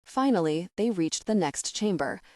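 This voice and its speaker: A woman narrating an audiobook in a measured, dramatic storytelling manner on a close mic. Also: fairly low pitch, expressive, a little mellow. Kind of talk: scripted narration.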